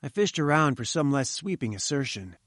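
A man narrating a story aloud in a measured, wry storytelling manner. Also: medium pitch, very animated, a bit bright, no echo, clean studio sound. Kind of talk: audiobook narration.

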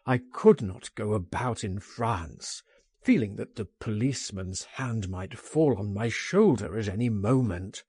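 A man's voice: on the low side, lively intonation, measured pace, dark tone, slightly rough, dry recording, pitched below the performer's own voice, heavily acted. A man voicing a frightened grown man who pleads in despair, in an anguished manner. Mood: resigned.

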